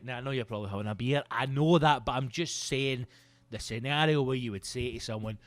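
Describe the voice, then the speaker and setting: A Scottish comedian in his thirties hosting a podcast, rambling through a casual comic monologue that is full of swearing and breaks into loud outbursts. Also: medium pitch, fast talker, no echo. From Scotland. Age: 30s. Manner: sweary, rambling, animated bursts into loud exclamations.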